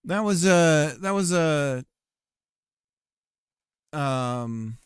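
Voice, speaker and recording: Man, streamer and game dev, casual rambling chat, smooth clear voice, dry close sound. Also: fairly high pitch, animated, drawn-out words, no room sound. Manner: rambling, jokey storytelling. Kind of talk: casual chat while playtesting.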